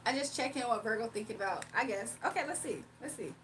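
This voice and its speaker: A woman's voice: a little high, lively intonation, fast, fairly bright tone, distant mic, a little hiss or hum. A woman reading tarot on a livestream, reading chat comments aloud and trading blunt, sassy trash talk with frequent laughs. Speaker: tarot reader streaming live.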